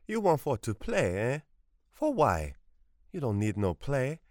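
A man voicing a stern, sharp-tongued old Creole grandmother who scolds in broken English. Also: medium pitch, wildly swooping pitch, unhurried, no echo, studio quality, pitched above the performer's own voice. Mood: scolding.

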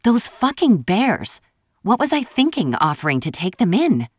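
A woman's voice: mid-range voice, very animated, normal speed, slightly rough, no echo, clean studio sound, voice pushed up. A woman reading an audiobook voices a furious eldest sister, a powerful witch who snarls and swears. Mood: enraged. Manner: snarling, foul-mouthed.

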